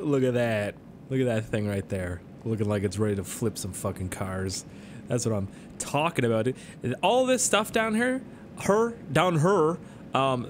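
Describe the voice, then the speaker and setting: A man's voice: medium pitch, slight background noise. A young Canadian man with a Canadian accent giving rambling, joking gameplay commentary and swearing often. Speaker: gaming YouTuber.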